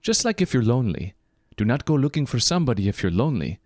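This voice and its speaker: A man's voice: mid-range voice, big pitch swings, fast talker, a little mellow, no echo, lightly acted. A man doing an impression of another man from social media, giving earnest advice in an accent.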